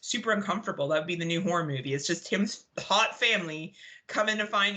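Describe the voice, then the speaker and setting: A fast-talking Canadian woman co-hosts a podcast in a fairly low, pushed, bright voice. The casual chat is loose and rambling, full of laughter and swearing.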